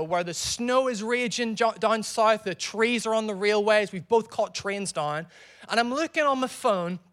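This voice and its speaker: A man in his thirties preaching a sermon as a pastor, telling stories with lots of energy and calling out to the congregation. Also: high-pitched. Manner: animated storytelling preacher with crowd prompts.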